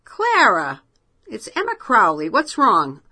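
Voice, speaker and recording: A woman's voice: a little high, huge pitch swings, slow, sharp tone, husky, dry recording, voice pushed up, exaggerated voice. A woman voicing an anxious woman friend who calls late at night, stammering and apologetic. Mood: fretful.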